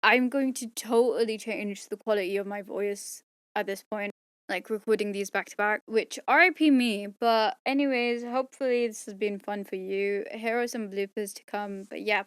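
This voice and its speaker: An audiobook narrator chats through her bloopers and outro, rambling and poking fun at herself, her voice tired and strained. It's a medium-pitched, steady, clear, resonant voice at a moderate pace, recorded cleanly in a studio without echo.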